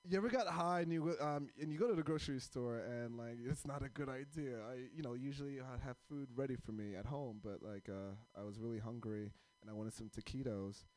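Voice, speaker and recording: A man's voice: medium pitch, a little fast, hardly any pauses, a little mellow, dry recording. A man doing stand-up comedy with crowd work, rambling and self-deprecating as he stops and starts over his fillers.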